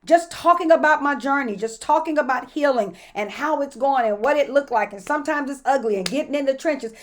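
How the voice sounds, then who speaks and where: A woman's voice: high voice, a little fast. A woman pastor giving a casual, colloquial motivational talk to live viewers, repeating words as she builds each point and greeting people by name. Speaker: pastor and host.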